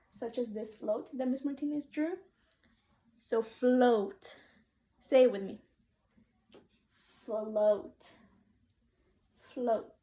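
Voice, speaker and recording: Slow, clear-spoken woman teaching phonics. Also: a little high, dark tone. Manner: slow, clearly sounded-out words with call-and-response prompts. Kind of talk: phonics lesson for young children.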